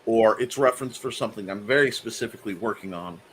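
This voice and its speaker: A man hosting a casual chat show, animated and quick to laugh, with many fillers and restarts. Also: on the low side, slight background noise. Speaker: host.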